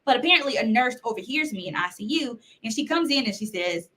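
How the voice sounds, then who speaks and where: A woman's voice: fairly high pitch, expressive, fast, pushed and bright. A woman guest on a podcast, recounting a personal story in earnest detail and acting out what others said. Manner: earnest storytelling, acts out quoted voices.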